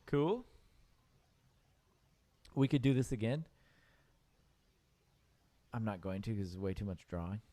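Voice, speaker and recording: A man's voice: fairly low pitch, normal speed, pauses often, warm tone. A man teaching a piano class, joking with his students while he draws notes with a mouse.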